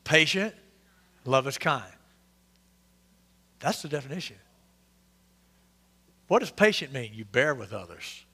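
A man's voice: mid-range voice, big pitch swings, slow pace, long pauses, sharp tone, slightly rough, big-room sound. A male pastor, preaching an interactive, joking sermon and questioning his congregation. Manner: conversational, quizzing the congregation, joking asides. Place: church sanctuary.

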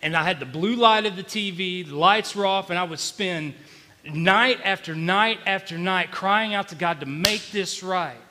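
A male pastor, preaching an emotional, confessional sermon that swings between quiet and loud. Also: high voice, normal speed, big-room sound, a little hiss or hum. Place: church sanctuary.

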